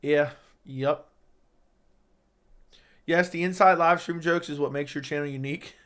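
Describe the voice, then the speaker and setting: A man hosting a casual livestream, reading viewer questions out loud and answering them in a chatty, joking way. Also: a little high, fairly even intonation, a little slow, smooth. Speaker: livestream host.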